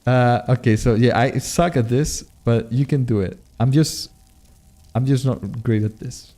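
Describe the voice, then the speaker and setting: A man speaks unhurriedly in a dark-toned, medium-pitched voice, with slight background noise. He's a streamer and modpack creator chatting casually with viewers while playing, swearing often and making fun of himself.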